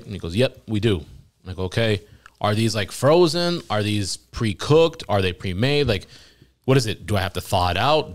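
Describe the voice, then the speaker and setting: Low-voiced man telling a funny story. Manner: animated storyteller quoting voices, laughing at his own story. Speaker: podcast guest. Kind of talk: casual storytelling.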